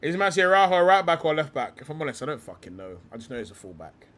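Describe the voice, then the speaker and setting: A young man rants through a livestream, swearing and using heavy slang. His voice sits high for a man. It swings all over the place in pitch. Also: very fast. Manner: animated and profane, heavy slang. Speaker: livestream host. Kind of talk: profane livestream rant.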